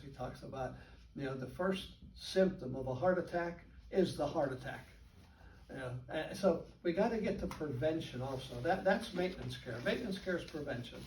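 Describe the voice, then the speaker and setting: An older man speaks casually to a group of colleagues, his voice a bit high and picked up from across an echoey room. He tells stories with animated chuckles, and faint background noise sits under him. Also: far from the mic. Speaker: guest speaker. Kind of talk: informal talk to colleagues.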